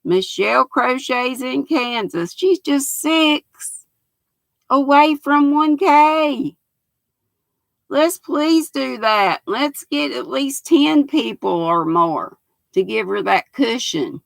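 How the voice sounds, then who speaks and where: A woman's voice: sits high, animated, slow pace, vocal fry, dry recording, rough recording. An older woman, hosting a livestream in a folksy, chatty way, reading out comments from her viewers. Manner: folksy, chatty, laughs often. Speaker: livestream host.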